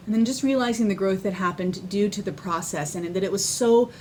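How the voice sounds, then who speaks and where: A woman talking casually to the camera, excitable and candid, often laughing as she tells her story. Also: mid-range voice, a little fast, a little hiss or hum. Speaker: vlogger sharing her personal story.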